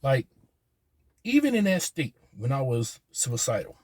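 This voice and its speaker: Husky guy, halting and earnest, repeats himself, dry close recording. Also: medium pitch, sing-song, a little mellow, dry recording. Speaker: vlogger. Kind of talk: personal monologue.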